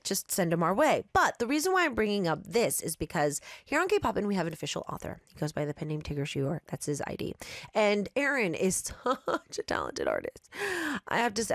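A woman's voice: medium pitch, dry recording, studio quality. A woman radio host talking casually in an upbeat, chatty way and reading a listener's story aloud.

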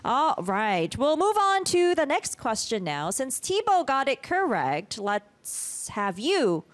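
A woman's voice: high-pitched, big pitch swings, slow pace. Upbeat woman hosting a quiz. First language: Korean. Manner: upbeat, laughs often, clear teacherly explaining. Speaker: quiz host. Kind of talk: hosting a language quiz game.

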